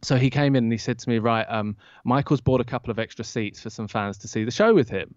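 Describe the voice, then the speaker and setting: A man, a podcast guest and author, telling an anecdote in an interview and acting out the quoted lines with lively jumps in his voice. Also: medium pitch, fast talker, hardly any pauses, no echo. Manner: lively storyteller who acts out quoted lines. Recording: dull lo-fi dry sound.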